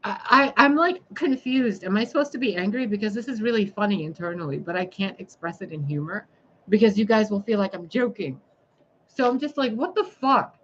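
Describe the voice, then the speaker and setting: A woman's voice: medium pitch, lively intonation, fairly quick, highs cut off. A woman livestreaming a blunt, sarcastic monologue, scolding her viewers and swearing freely. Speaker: spiritual livestreamer.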